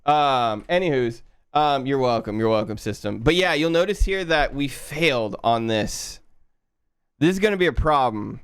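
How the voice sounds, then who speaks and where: A man's voice: mid-range voice, moderate pace, clear, resonant tone, dry recording, clean studio sound. Man with a Southern accent explaining code. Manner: relaxed, explaining, muttering to himself. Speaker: livestreaming programmer. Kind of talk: live coding stream.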